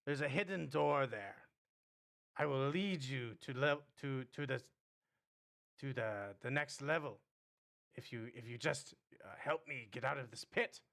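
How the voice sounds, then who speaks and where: A man's voice: mid-range voice, measured pace, gravelly, fairly bright tone. A man doing a pleading half-elf. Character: male half-elf stuck in a pit, earnest and pleading.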